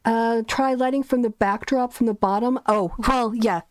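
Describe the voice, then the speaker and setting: A woman's voice: fairly high pitch, steady tone, moderate pace, no room sound. Host: chatty, rambling woman in a dry, soundproofed bedroom. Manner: chatty, rambling, laughs often. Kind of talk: casual livestream chat. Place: bedroom, sitting on bed. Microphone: soundproofed desk mic.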